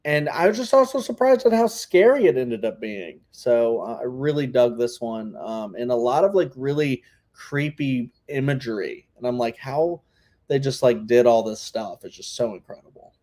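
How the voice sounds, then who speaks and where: A man co-hosts a relaxed podcast conversation at a middle pitch. His speech rambles, and he leans constantly on filler words as he thinks aloud. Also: moderate pace. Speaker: podcast co-host. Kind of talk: casual chat.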